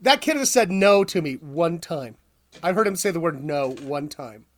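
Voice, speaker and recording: A man's voice: on the high side, animated, moderate pace, crowd noise. A man hosting a podcast, telling rambling stories in casual chat with lots of ums. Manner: rambling storyteller, filler-heavy, swears. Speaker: podcast host.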